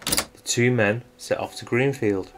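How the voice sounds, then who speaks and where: A man telling a true-crime story as scripted narration, in a measured, suspenseful storytelling manner. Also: medium pitch, fairly even intonation. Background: faint guitar music.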